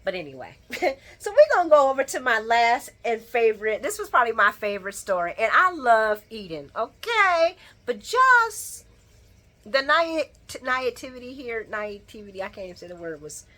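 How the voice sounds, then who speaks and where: A woman with a higher, bright voice recaps a daytime soap in a loose, chatty way. Her pitch leaps around animatedly as she scolds and teases the characters, laughing often between points. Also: sing-song, normal speed. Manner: sassy, talks back to the characters, laughs often. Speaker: soap opera recap vlogger. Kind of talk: casual recap commentary.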